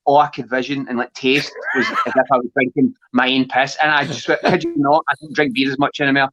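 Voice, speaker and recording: A man's voice: medium pitch, flat delivery, quick pace, fairly bright tone, low-quality recording. A Scottish man chatting as a wrestling guest, blunt and sweary, laughing often. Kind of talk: casual chat.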